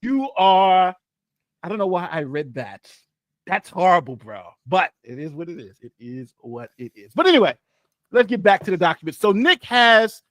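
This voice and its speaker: A man's voice: high-pitched, fairly bright tone, no echo. A man co-hosting a casual live stream, boastful and rambling, often repeating himself. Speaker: co-host.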